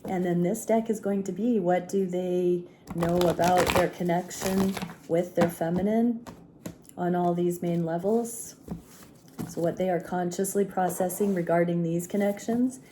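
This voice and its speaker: A woman with a hoarse, gruff voice from a sore throat, giving a calm spiritual tarot reading. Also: lowish voice, a little slow, background noise. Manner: calm, searching, prayerful. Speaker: tarot reader.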